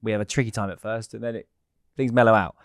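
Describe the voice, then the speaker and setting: A man's voice: lowish voice, steady tone, quick pace, no echo, clean studio sound. A young man, co-hosting a comedy podcast in rambling, joking chat. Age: young adult. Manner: joking, rambling, swears freely. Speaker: podcast co-host.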